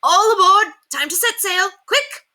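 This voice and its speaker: Woman doing an eager, excited young man. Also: very high-pitched, unhurried, voice pushed up, exaggerated voice. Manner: excited calling out.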